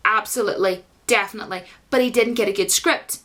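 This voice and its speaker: A woman's voice: medium pitch, quick pace, a bit bright. A young woman giving a blunt, casual movie review straight to viewers, with lots of fillers. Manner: blunt, opinionated, full of fillers.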